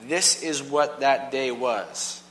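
A man preaching a casual, animated sermon, full of "like" and quick asides to the congregation. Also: medium pitch. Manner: animated, filler-heavy with frequent "like". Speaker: pastor. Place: church hall. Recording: long hall reverb, faint hum.

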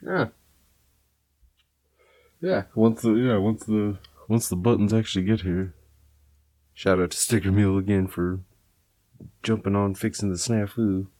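A laid-back young man hosting a podcast, talking casually with plenty of swearing and laughter. His voice sits low, and the sound is close and dry. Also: steady tone, measured pace, long pauses, dark tone, no room sound. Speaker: podcast host.

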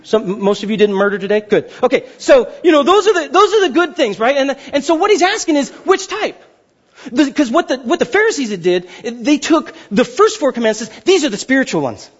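A man in his thirties preaching a sermon as pastor, excitable and fast-talking, often asking the crowd questions. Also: very high voice, lo-fi sound.

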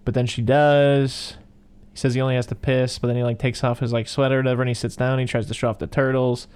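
A young man talks quickly and loosely as he recaps a film for his co-host. His speech keeps looping through "like" and "you know", and his voice sits at an ordinary middle pitch. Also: little pitch movement, darkish tone, clear, resonant tone. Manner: rambling, lots of "like" and "you know". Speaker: podcast co-host. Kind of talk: casual chat recapping a film.

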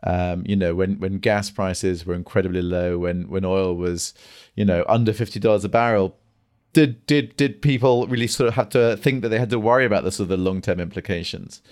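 A man's voice: deep voice, fairly quick, darkish tone. A man hosting an energy podcast, talking casually with lots of restarts and fillers. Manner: hesitant, many restarts and fillers. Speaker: podcast host. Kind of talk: casual discussion and solo commentary.

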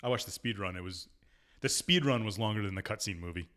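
A man's voice: on the low side, fast talker, a bit bright. A young man co-hosting a casual podcast, laid-back and chuckling. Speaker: podcast co-host.

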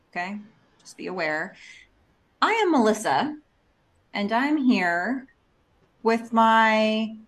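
A woman co-hosting a casual rewatch podcast, chatty and relaxed. She reads out episode details and talks things over at an easy pace in a voice of middling pitch. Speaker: podcast co-host. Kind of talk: casual chat.

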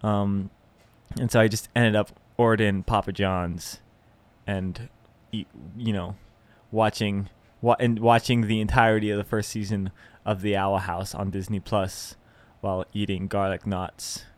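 A man's voice: fairly low pitch, flat delivery, a little slow, no room sound. A young man hosting a casual solo podcast, rambling and self-deprecating, with plenty of fillers and restarts. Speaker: podcast host.

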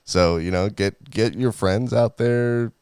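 Deep-voiced casual podcast man. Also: slow, a little mellow, clear, resonant tone, no echo. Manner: rambling, laughing, swearing. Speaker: podcast co-host. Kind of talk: casual chat.

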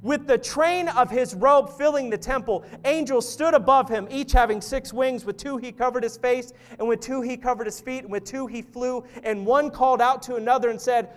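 A male pastor preaching a sermon in an earnest manner, dropping to quiet intensity and rising to urgent emphasis. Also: very high-pitched, moderate pace, hardly any pauses. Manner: rises loud and urgent at climaxes.

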